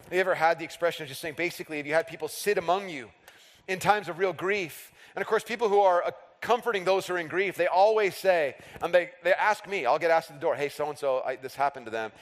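A man's voice: high voice, quick pace. Storytelling male pastor in a reverberant hall. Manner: humorous, self-deprecating storytelling. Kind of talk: sermon with personal stories. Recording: long reverb of a large hall.

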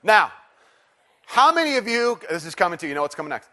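A man's voice: high-pitched, sing-song, quick pace, bright, forceful tone. A man preaching a sermon to a live congregation, casual and joking, asking for hands and call-and-response. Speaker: pastor. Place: church sanctuary with congregation.

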